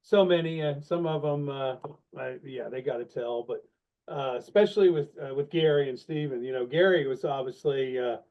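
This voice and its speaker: A middle-aged man, a guest on a casual podcast interview, telling animated, self-deprecating stories about his sales career. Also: mid-range voice, moderate pace. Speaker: guest, longtime sales leader. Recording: dull, lo-fi sound.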